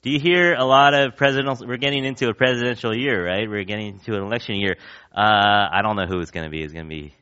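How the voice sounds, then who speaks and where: A man's voice: lowish voice, quick pace, pushed and bright, clean tone, muffled recording. A man preaching a sermon in a conversational way, often asking the congregation questions. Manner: conversational, asks the crowd questions, acts out quotes. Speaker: pastor.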